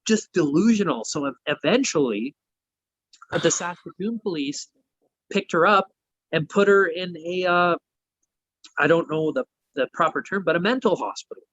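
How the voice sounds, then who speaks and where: A man's voice: fairly high pitch, lively intonation, normal speed, fairly bright tone, dull audio. A man, a wrestler guest telling a long story in casual, rambling talk full of swearing.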